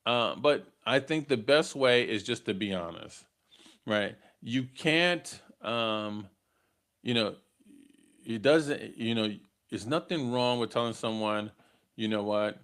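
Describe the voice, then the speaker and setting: A man's voice: medium pitch, slow pace, a bit bright, clean tone. A middle-aged man, hosting a live dating podcast in a casual storytelling way and tagging his lines with "right?". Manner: conversational, tags lines with "right?", chuckles at own stories. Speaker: podcast host.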